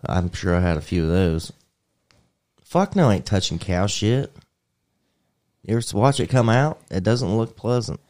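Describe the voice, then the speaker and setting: A man with a very low voice talks loosely and swears freely, tossing off crude jokes as he rambles through a casual chat. His delivery is offhand and teasing. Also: lively intonation, moderate pace, long pauses, a little mellow. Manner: profane, joking, rambling.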